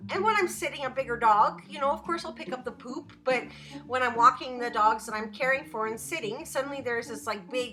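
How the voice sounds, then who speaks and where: A young woman talks casually to her live stream viewers from home, rambling from one thing to the next and giggling often. Her voice is high and bright, with a light tune playing faintly behind her.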